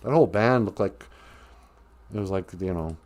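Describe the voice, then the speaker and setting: A man's voice: low-pitched, moderate pace, darkish tone. A man hosting a casual livestream, reading out viewer comments and rambling with jokes, frequent laughs and affectionate asides. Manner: giggly, rambling, jokey, calls people sweetie.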